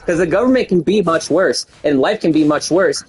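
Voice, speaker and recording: A man's voice: on the high side, fairly quick, darkish tone. A man from the United States giving a heated, profane political rant in a blunt, agitated way.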